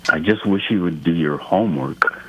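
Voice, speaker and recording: A man calling a radio show, earnest and a little aggrieved, speaking haltingly. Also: sits low, breathy edge, lo-fi sound. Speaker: caller.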